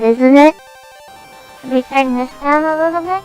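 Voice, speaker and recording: A young woman streamer chatting casually in an excitable, jokey way, often shouting and laughing. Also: high voice, normal speed, faint music behind. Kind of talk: casual livestream chat.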